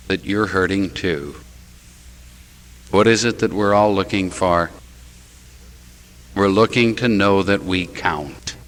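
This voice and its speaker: A man's voice: lowish voice, a bit bright, low-quality recording. A man who is a Catholic priest, preaching a sermon in a church with rhetorical questions and wry, self-mocking asides.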